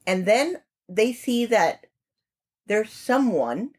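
A woman's voice: a little high, sing-song, takes it slowly, darkish tone, husky. A woman co-hosting a podcast, recapping a film plot in casual chat with asides. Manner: chatty, recaps plot with frequent asides and laughs. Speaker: podcast co-host. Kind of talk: casual movie review chat.

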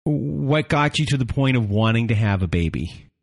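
A man hosting an interview podcast, calmly guiding his guest with questions. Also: medium pitch, normal speed, gravelly. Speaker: podcast host. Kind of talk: interview conversation.

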